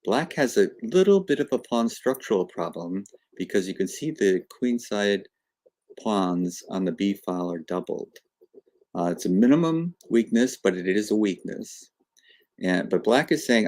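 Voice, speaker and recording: A man giving live chess commentary in an animated way, acting out the players as if they were talking. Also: lowish voice, normal speed.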